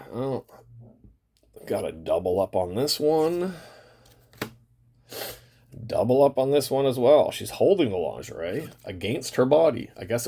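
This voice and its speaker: A man's voice: mid-range voice, darkish tone, a little hiss or hum. A man hosting a card-opening video in casual chat, rambling and swearing now and then, drawing out the ends of his phrases. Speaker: card-opening channel host. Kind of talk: casual chat while opening trading cards.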